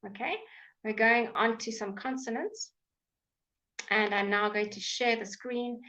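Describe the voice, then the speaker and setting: A woman with a British accent teaching English pronunciation in a live online class, enunciating words slowly and clearly, with frequent fillers. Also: a little high, pushed and bright, rough recording. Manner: slow, clear, drawn-out enunciation with many fillers. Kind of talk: live online language lesson.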